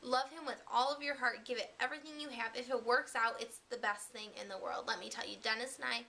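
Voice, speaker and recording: A woman's voice: on the high side, quick pace, creaky, few pauses, sharp tone, a little hiss or hum. A young woman vlogger talking candidly to the camera, giving relationship advice in a chatty, casual way with some mild swearing.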